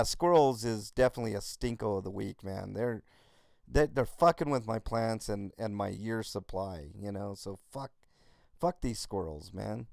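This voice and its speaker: A man's voice: medium pitch, vocal fry, darkish tone, dry recording, clean studio sound. A man co-hosting a podcast, rambling through a casual story with a lot of swearing. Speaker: podcast co-host. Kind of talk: casual profane chat.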